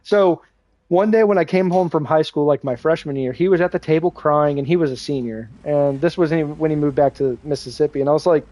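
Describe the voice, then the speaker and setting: A man's voice: a little high, fairly quick, mellow. A young adult man streaming a game, telling a rambling personal story in casual chat and swearing now and then. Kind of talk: casual livestream chat while gaming.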